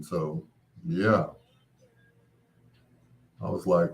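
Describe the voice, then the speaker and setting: A man's voice: on the low side, lively intonation, a little slow. A man hosting a late-night radio show, chatting in a laid-back way with wry asides.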